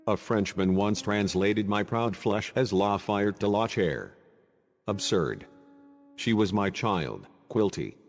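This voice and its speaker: A man with a fairly low voice narrates an audiobook in a measured, ironic, literary manner. His reading rings out in a long reverb. Faint music plays underneath. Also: lively intonation, creaky.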